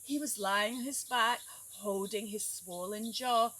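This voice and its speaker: Bright, animated woman reading a picture book. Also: fairly high pitch, a little slow, few pauses. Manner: animated, coaxing children to join in. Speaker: teacher reading to children. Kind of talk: storybook read-aloud for children. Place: outdoors at a tree house.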